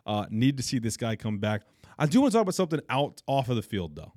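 A man's voice: mid-range voice, sing-song, fast talker, darkish tone, dry recording, clean studio sound. A young man co-hosting a casual sports podcast, blunt and opinionated, trash-talking teams. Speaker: podcast co-host.

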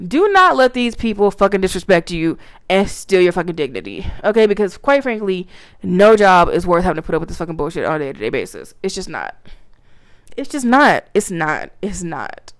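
A woman's voice: lowish voice, fairly quick, no room sound. A woman reading points aloud and ranting about them, swearing, laughing and acting out confrontations. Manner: animated, laughing, swearing, acts out mocking confrontations. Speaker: commentator reading and reacting. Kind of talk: profane ranting commentary.

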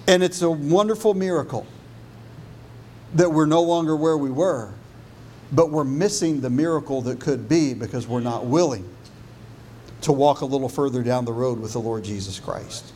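A man preaching a sermon as pastor, building on repeated phrases and dropping low and soft for emphasis. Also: moderate pace, slight background noise.

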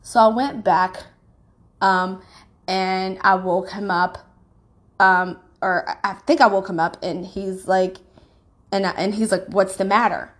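A woman telling a painful personal story in a halting, emotionally raw way, often restarting her sentences and swinging from quiet to sharp outbursts. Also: medium pitch, fairly even intonation.

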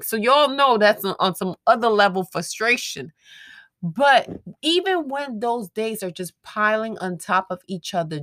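An American woman hosts her own show and talks straight to her listeners in a blunt, profane, laughing pep talk. Her voice is forceful and bright, sitting somewhat high. The sound is dry and close. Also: expressive, measured pace, dry recording. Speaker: podcast host. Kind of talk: casual motivational monologue.

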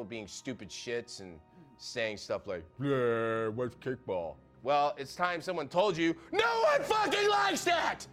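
A man's voice: very high voice, exaggerated voice. An actor playing a furious young woman sorority officer who rants and swears in a dramatic reading over music. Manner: profane, seething, building to screaming. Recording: loud music under the voice.

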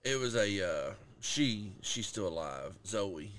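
A man in his thirties co-hosting a podcast, chatting casually with lots of slang and swearing, telling animated stories. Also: on the low side, takes it slowly, slight background noise. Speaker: podcast co-host. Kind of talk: casual chat.

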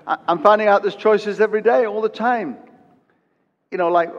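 A pastor in his fifties preaching a sermon, swinging from loud emphatic peaks to hushed quiet and repeating phrases for emphasis. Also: high-pitched, normal speed, in a large hall, muffled recording. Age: 50s. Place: church.

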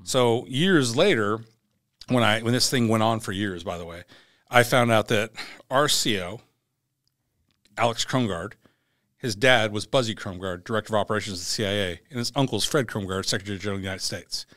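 With a voice on the low side and a brisk delivery, an ex-Navy SEAL frankly tells war and court stories in a podcast chat. He acts out others' quoted words in an animated, candid way, recorded in studio quality with no room sound.

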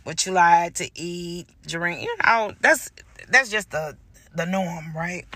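Host: woman, low raspy voice, blunt, profane casual storyteller, dry close mic. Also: slow pace, bright, forceful tone, no echo. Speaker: podcast host.

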